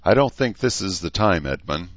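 A man voicing Danae, a brisk woman doctor who speaks sharply and curtly. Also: on the low side, expressive, vocal fry, dry recording, dull audio, pitched above the performer's own voice, full character voice. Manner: sharp, curt.

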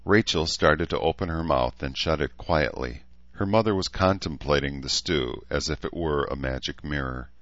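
Narrator: man with a very low voice, steady reading, dry close dull sound. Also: moderate pace, no room sound. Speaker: audiobook narrator. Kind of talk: scripted narration.

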